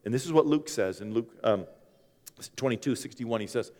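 A man preaching a sermon, swinging from loud acted-out quotes to hushed asides. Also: mid-range voice, animated, normal speed. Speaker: pastor. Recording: long reverb of a large hall.

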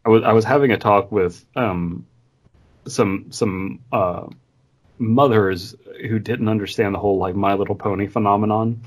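A man's voice: fairly low pitch, fairly even intonation, normal speed. A man co-hosting a podcast, reading a horror story aloud and rambling into profane asides. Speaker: podcast co-host.

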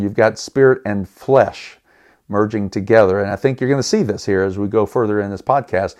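Earnest lower-voiced male Bible teacher. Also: a little mellow. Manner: earnest, emphatic, stops and restarts words often; appeals to listeners with rhetorical questions. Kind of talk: conversational Bible teaching podcast.

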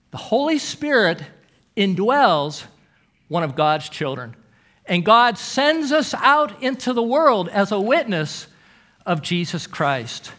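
A middle-aged man preaching, his voice high and bright as he leans into each story. He swings his pitch widely, pausing for effect and pressing hard on key words. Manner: storytelling, emphatic with dramatic pauses. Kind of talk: sermon.

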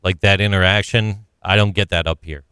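A man with a very deep, resonant voice, chatting casually and pressing with follow-up questions. His voice is smooth and clear, recorded close and dry. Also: steady tone, fairly quick, sharp tone, no echo. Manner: probing, asks pointed follow-up questions. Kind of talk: casual chat.

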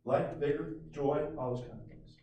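A man with a mellow, dark tone preaches in a loose, conversational style to his congregation. He is picked up from a distance in a very echoey church room. Faint room ambience hangs behind him. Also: a little high, moderate pace, slight background noise. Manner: conversational, animated preaching with call-and-response. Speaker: pastor. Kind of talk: sermon. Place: church sanctuary.

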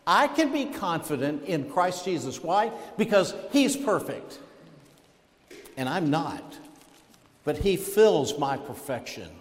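Pastor, man, preaching with emphasis and pauses; long church reverb, voice a bit high. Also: big pitch swings. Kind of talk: sermon. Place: church sanctuary. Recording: echoey hall with long reverb.

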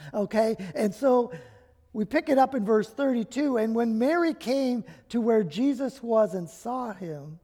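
Pastor, sermon, dramatic scripture reading, reflective, drawn-out delivery, lingering reverb. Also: medium pitch, dark tone. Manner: reads scripture aloud with dramatic emphasis; personal and reflective. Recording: long hall reverb.

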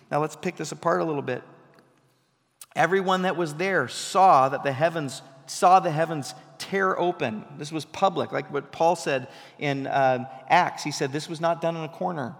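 A man's voice: on the high side, normal speed, gravelly, fairly bright tone. A man preaching a sermon as pastor, talking conversationally and then rising into emphatic bursts. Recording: long hall reverb.

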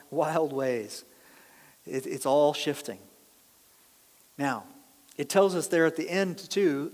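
A pastor delivers a sermon as animated storytelling, slipping in and out of the voices of the people in the story. The pitch swings widely and stays lively throughout. The voice carries the long reverb of a large church hall.

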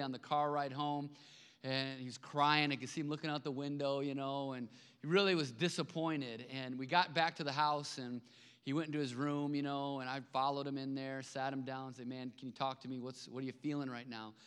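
A man preaching a sermon as pastor, talking in a conversational, animated way that moves between loud emphasis and soft storytelling. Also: on the high side, clear, resonant tone. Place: church sanctuary. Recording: long church hall reverb.

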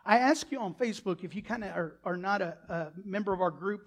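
A male pastor preaching a sermon with animated delivery. He breaks into loud bursts and acts out quotes. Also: high-pitched, brisk, hardly any pauses.

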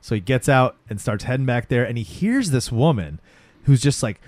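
A man's voice: mid-range voice, normal speed, dry recording. A man in casual chat, recapping a TV episode and acting out the characters' lines along the way. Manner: animated retelling with acted quotes.

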